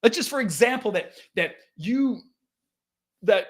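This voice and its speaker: Earnest higher-voiced man coaching business. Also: unhurried, breathy edge. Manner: earnest, lively, acts out quoted voices, frequent restarts. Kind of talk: casual motivational talk to camera.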